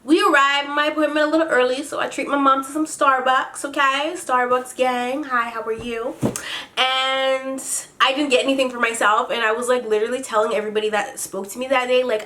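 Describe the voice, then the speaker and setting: A young woman from Canada, chatty and excitable, telling a story on her vlog. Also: sits high, moderate pace. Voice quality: slight lisp from a retainer. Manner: chatty, excitable, heavy use of "like". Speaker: beauty vlogger.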